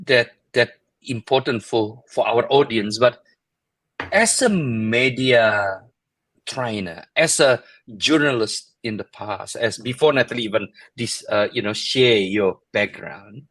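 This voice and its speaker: A man's voice: mid-range voice, a little slow, a bit bright, dry recording, rough recording. A man co-hosting an interview, jokey and prone to cutting in, speaking loosely and informally. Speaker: co-host. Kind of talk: casual interview chat.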